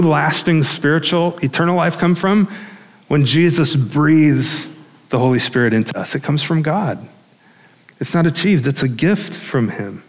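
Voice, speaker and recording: A man preaching in a relaxed, conversational way, acting out quotes from the story as he goes. His voice sits at an ordinary middle pitch. A long reverb trails his words through a large hall. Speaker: pastor. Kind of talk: sermon.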